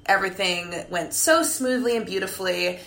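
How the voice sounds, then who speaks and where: A young woman hosting a podcast, telling a story in a candid, profane, animated way, a few drinks in. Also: fairly low pitch, moderate pace, reverberant. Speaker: podcast host. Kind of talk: casual monologue.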